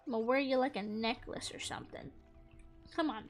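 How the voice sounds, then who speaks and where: Young woman, high-pitched voice, mock-annoyed gaming chatter, faint music behind. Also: brisk. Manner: playful, mock-exasperated, talks to the fish. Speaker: gaming streamer. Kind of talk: casual gameplay commentary.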